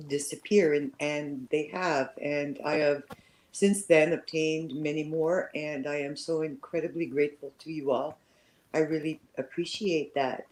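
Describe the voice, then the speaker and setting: A woman's voice: low voice, a little mellow, low-quality recording. A Canadian woman with a slight French-Canadian accent, hosting her first livestream in a hesitant, filler-filled, grateful way. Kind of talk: casual live-stream chat.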